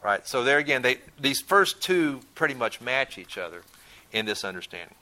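A man leads a Bible lesson with a bright, ringing voice at an ordinary middle pitch. He talks loosely and conversationally, restarting phrases and tossing questions back to his listeners. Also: very animated, brisk. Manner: conversational, repeats words while thinking. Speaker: Bible teacher. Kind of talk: Bible study lecture.

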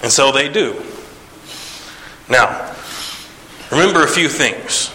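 Animated, bright-voiced male storyteller in echoey room. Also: slow pace, slight background noise. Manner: animated, acts out voices with sighs and pitch jumps. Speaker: preacher. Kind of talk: casual retelling of a Bible story.

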